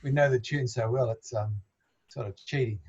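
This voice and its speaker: A class participant answering the teacher slowly and hesitantly in a group lesson. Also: mid-range voice, darkish tone, breathy edge, dull audio.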